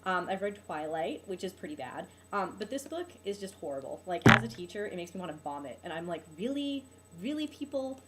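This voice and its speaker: A woman's voice: fairly low pitch, a little fast, hardly any pauses, background noise. A young woman, venting about a bad weekend in a casual vlog, peppered with "like" and "um". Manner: exasperated, venting, frequent "like" and "um". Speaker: vlogger.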